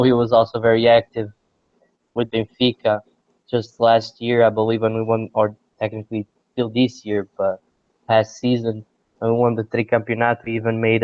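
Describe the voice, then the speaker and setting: A man's voice: on the low side, no room sound, muffled recording. A male podcast host chatting casually about football, rambling and repeating his words as he starts sentences.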